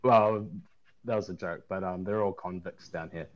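A man's voice: low voice, fairly even intonation, normal speed. A man with a New Zealand accent, laid-back and joking in casual chat. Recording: dull lo-fi mic.

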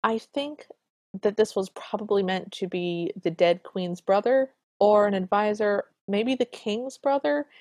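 A woman's voice: mid-range voice, a little slow, darkish tone, no room sound, studio quality. A woman co-hosting a podcast, casually recapping a film with enthusiastic, playful commentary and fan theories. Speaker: podcast co-host.

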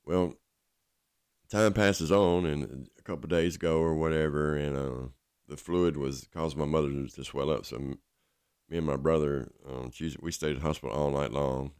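A man's voice: rumbling low, fairly even intonation, moderate pace, a little mellow, clear, resonant tone, no echo, studio quality. A man telling his own story in a rambling, casual way, full of fillers. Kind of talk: personal storytelling.

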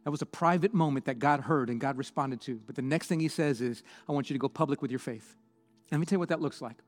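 A male pastor giving an impassioned sermon and altar call in a church, swinging between loud preaching and hushed prayer. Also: mid-range voice, fast talker, big-room sound, soft background music. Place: church auditorium.

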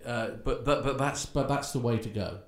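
A man's voice: mid-range voice, normal speed. A man co-hosting a casual podcast discussion who jumps in with eager agreement and short interjections. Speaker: podcast co-host. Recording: echoey room.

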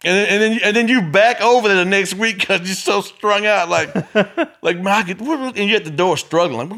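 A man who is a stand-up comedian, telling stories in casual chat, animated and profane, acting out the people in his stories. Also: sits high, fairly quick.

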